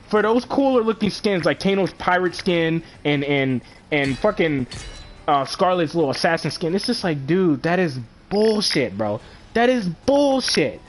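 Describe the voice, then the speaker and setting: A man ranting on a live stream, exasperated and profane, full of slang and repeated filler words. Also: sits high. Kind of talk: casual live stream rant.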